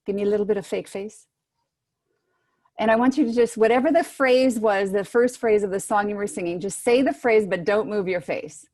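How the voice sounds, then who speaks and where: A woman voice teacher giving brisk, encouraging instructions to singers in an online workshop, heard over a video call microphone. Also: medium pitch, a little mellow. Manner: brisk, encouraging coaching with spoken demonstrations.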